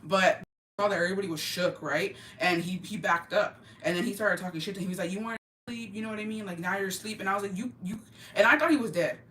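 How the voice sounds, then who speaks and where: A woman's voice: lowish voice, fast talker, a bit bright, distant mic. A woman gossips to her viewers in a loose, profane, emphatic storytelling voice, slipping Spanish phrases into her English. She sits back from the mic in a roomy, echoing space. A faint hum of ambient noise runs underneath. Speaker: vlogger.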